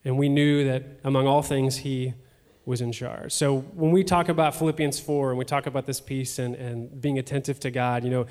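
A man sharing a personal testimony at a church service, speaking in a halting, emotional way with fillers and repeated words. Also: mid-range voice, fairly even intonation, a little mellow. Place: church sanctuary. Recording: long hall reverb.

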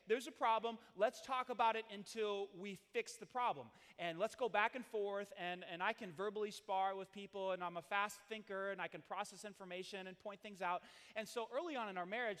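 A middle-aged man co-hosting a marriage talk, telling rambling, animated stories full of restarts. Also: high-pitched, long reverb tail. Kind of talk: casual storytelling talk.

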